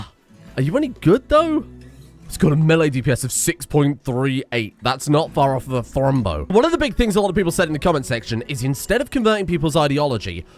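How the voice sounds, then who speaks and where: Excitable man streaming a game. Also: mid-range voice. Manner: chatty, excitable, swears often. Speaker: gaming streamer. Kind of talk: casual gameplay commentary.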